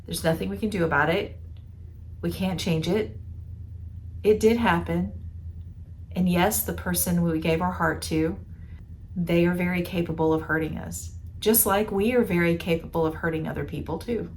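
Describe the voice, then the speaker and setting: A woman's voice: on the low side, steady tone, moderate pace, a little hiss or hum. A woman coach guiding listeners through an imagery exercise, talking in an earnest, conversational way and often repeating words as she goes. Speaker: betrayal recovery coach. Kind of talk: guided imagery talk to listeners.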